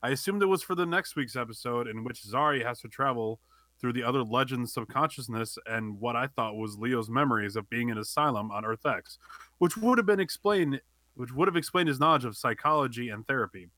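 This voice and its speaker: A man's voice: medium pitch, animated, brisk, bright, forceful tone, no echo. A man co-hosting a podcast, reading a listener's email aloud with side comments. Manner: reads steadily, adding side comments. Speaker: podcast co-host.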